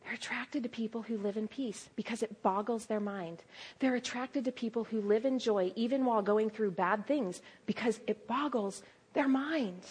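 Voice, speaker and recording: A young adult woman preaching a sermon, telling stories with lively quoted asides. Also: fairly high pitch, normal speed, slightly rough.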